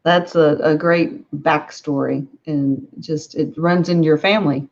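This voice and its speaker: A woman hosts an interview, speaking slowly and in a friendly way. Her voice sounds a little dull and lo-fi, as if the audio was thinned out. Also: low voice, steady tone, darkish tone. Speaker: interviewer, library host. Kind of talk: interview questions.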